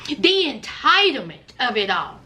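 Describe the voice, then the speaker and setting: A woman's voice: high voice, sing-song, a little slow, pushed and bright. A woman giving sassy, dramatic, scolding commentary on a reality show in a vlog.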